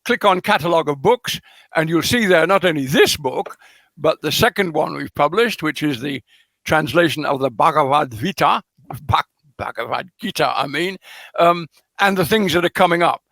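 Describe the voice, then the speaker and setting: A man being interviewed as a scholar, explaining carefully in an unhurried lecturing way, full of ums and restarts. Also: fairly high pitch, lively intonation, fairly bright tone, no echo. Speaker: guest scholar. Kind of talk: lecturing conversation.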